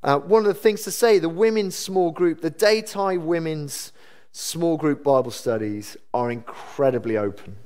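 A man preaching a sermon in a church, earnest and conversational, with sudden lively rises. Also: on the high side, measured pace, clean tone. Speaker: pastor.

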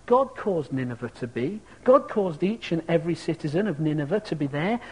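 A man's voice: on the high side, expressive, a little fast, hardly any pauses, husky, low-quality recording. A man preaching a sermon, reflective and asking his listeners rhetorical questions.

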